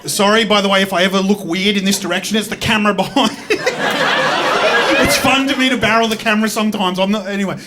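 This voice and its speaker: High-voiced Australian man doing stand-up. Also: fast talker, very noisy. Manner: energetic, swinging from mumbled asides to loud outbursts. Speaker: stand-up comedian. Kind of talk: stand-up comedy storytelling. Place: stage at a live comedy show.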